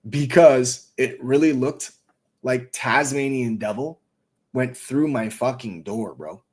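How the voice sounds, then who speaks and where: Man, casual storyteller, slang and swearing, says bro and dog a lot, middle pitch, live chat host. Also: darkish tone. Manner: profane slang-heavy storytelling, calls listeners bro and dog. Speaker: host of a live audio space.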